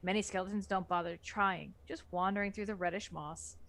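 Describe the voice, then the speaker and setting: A woman's voice: mid-range voice, a little fast. A woman reading a horror novel aloud for a book club, narrating expressively. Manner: expressive narration with lively swings.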